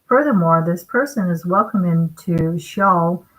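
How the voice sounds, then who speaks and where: A woman giving a sermon-style scripture commentary, emphatic and deliberate, often checking in with her listeners through rhetorical questions. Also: on the low side, a bit bright, rough recording. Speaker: online preacher.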